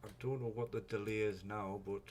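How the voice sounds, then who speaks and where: Casual male streamer, lowish voice, rambling and sweary. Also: fairly even intonation, a little fast, darkish tone, a little hiss or hum. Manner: rambling, swears freely, chuckles often. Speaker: live-stream host. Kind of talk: casual live-stream chat.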